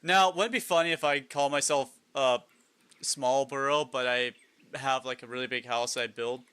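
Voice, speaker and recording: Bright-voiced man streaming a game. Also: medium pitch, fairly even intonation, moderate pace, clean tone, no room sound. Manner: reads lists aloud and muses, chuckling often. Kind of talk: casual live-stream chat while gaming.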